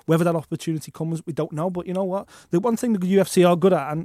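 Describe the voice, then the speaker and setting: A man co-hosting a sports podcast, talking in a fast, animated and opinionated way. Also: high-pitched, no room sound. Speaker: podcast co-host. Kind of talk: casual sports chat.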